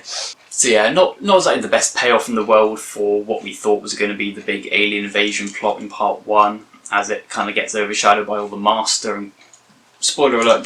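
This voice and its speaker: Rambling man, bright tone. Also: on the low side, far from the mic, rough recording. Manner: rambling, self-correcting, chatty. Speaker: video reviewer. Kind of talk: casual spoken review.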